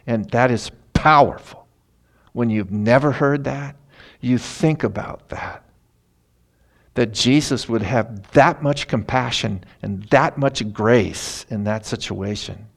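A middle-aged man, a pastor, telling a story in a sermon in an earnest, animated way. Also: mid-range voice, slow, creaky. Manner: earnest, animated retelling with emphatic rises.

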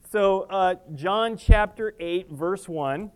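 A man delivers a sermon in a high, smooth voice. He swings from loud, emphatic declarations to soft, hushed passages. Now and then he breaks into relaxed, self-deprecating asides. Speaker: preacher.

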